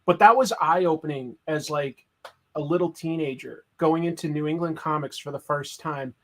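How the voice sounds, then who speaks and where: A man's voice: on the high side, moderate pace, fairly bright tone. A middle-aged man from Boston with a slightly raised voice. He chats as a guest, eager and talkative. He often starts over and fills his speech with likes. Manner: chatty and enthusiastic, full of likes and restarts. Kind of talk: casual chat.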